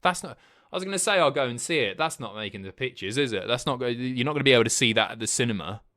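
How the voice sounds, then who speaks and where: A man in his thirties hosting a casual livestream, reading chat messages aloud, sweary and rambling, jumping between loud outbursts and mumbles. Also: mid-range voice, lively intonation, quick pace.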